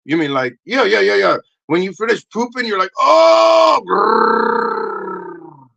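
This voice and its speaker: A man hosting a livestream, rambling through a crude comic rant, acting out little voices and bursting into shouts. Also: high voice, measured pace, vocal fry, muffled recording. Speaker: livestream host.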